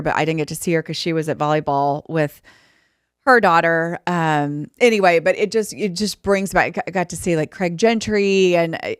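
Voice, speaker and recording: A woman's fairly low, clear, resonant voice is captured dry in clean studio sound. Co-hosting a podcast, she casually shares stories from sports broadcasting and becomes animated when quoting.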